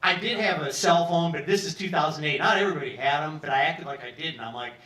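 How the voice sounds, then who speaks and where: A man's voice: fairly high pitch, fast. A man in his sixties from Peoria telling a long personal story on a pub stage, acting out the other people's lines and swearing freely. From Peoria, Illinois, US. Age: 60s. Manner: animated, acts out other people's lines, profane. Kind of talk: live storytelling monologue. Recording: roomy, from some distance.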